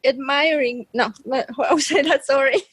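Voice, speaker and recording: An emotional woman from the audience on a video call, speaking haltingly and searching for words. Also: high voice, no room sound. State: emotional, near tears. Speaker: audience member.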